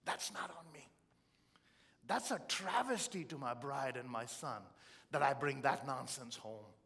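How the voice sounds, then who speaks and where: A man's voice: medium pitch, unhurried, gravelly. A middle-aged man giving a live motivational talk, telling stories with humor and feeling. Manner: expressive, storytelling, humorous. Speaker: motivational keynote speaker.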